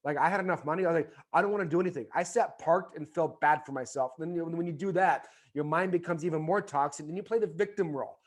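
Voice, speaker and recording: An American former baseball player in his forties, appearing as a podcast guest, tells his story fast with hardly any pauses. He rambles through plenty of fillers and restarts before it turns into a fervent motivational pitch.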